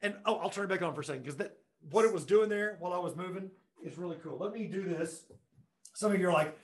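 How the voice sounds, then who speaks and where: A man's voice: sits high, fast. A man presenting a live webinar from his classroom, joking and talking straight to viewers as he demonstrates the equipment. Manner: enthusiastic, joking, talks to viewers directly. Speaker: education technology presenter. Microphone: room conference microphones at a distance. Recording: echoey classroom audio.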